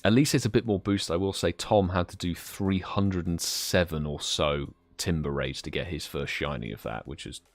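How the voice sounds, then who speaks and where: A man's voice: low voice, normal speed, hardly any pauses, no room sound, faint music behind. A young British man hosting a live stream, chatting casually and greeting viewers by name. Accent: British English. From United Kingdom. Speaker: livestream host.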